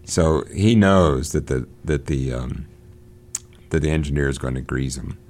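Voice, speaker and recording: A man reading a novel aloud and discussing it, pausing often with fillers and restarts. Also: extremely low pitch, darkish tone. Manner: halting, many fillers and restarts. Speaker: discussion leader.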